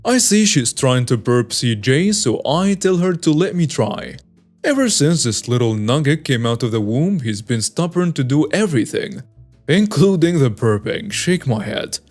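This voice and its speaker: A man's voice: medium pitch, lively intonation, a little slow, a little mellow. A man narrating a reader's story in a sassy, conversational way, with background music under his voice.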